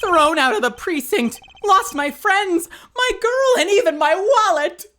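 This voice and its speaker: A woman voicing an overeager young male court bailiff in a game, shouting every line and closing each with "sir". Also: very high voice, lively intonation, measured pace, pitched above the performer's own voice, full character voice. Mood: zealous, dramatic. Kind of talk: game voice acting on a stream.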